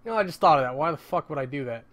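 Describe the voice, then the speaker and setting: Male vlogger at home, rambling and self-interrupting, casual swearing, slightly high voice. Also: expressive, rapid-fire, fairly bright tone.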